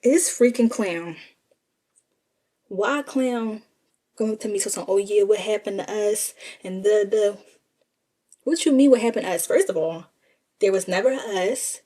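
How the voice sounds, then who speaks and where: A woman's voice: medium pitch, animated, a little slow, long pauses, mellow. A young woman telling a casual, sassy story and talking straight to her listeners as y'all. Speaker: storyteller vlogger.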